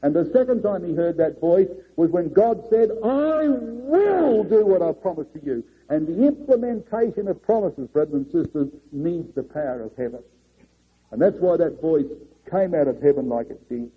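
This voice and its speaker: A man preaching a sermon earnestly, swinging between raised and hushed delivery. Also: fairly high pitch, lively intonation, normal speed, breathy edge. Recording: muffled lo-fi recording.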